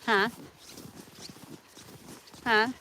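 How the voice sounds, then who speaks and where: Bright-voiced laughing woman outdoors. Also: extremely slow, slight background noise. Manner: laughing, joking, voicing her dogs' thoughts. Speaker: homestead vlogger. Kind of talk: casual chat while walking dogs outdoors. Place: outdoors on a snowy rural road.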